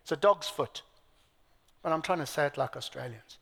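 A man's voice: fairly high pitch, moderate pace, gravelly, a bit bright, slightly rough, big-room sound. A man preaching a sermon, emphatic, asking his listeners rhetorical questions, with dry self-deprecating asides. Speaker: pastor.

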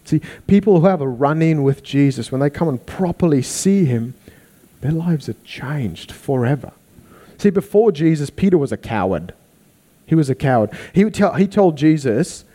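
A man preaching a sermon, animated, acting out the people he quotes. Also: medium pitch, normal speed. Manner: animated, acts out quoted voices.

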